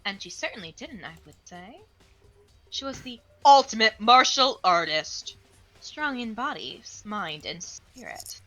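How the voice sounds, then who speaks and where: A stern, composed female investigator who gives orders in a measured way, voiced by a woman. Her voice is fairly high, bright and lively in pitch, with faint music underneath. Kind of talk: amateur game voice reading.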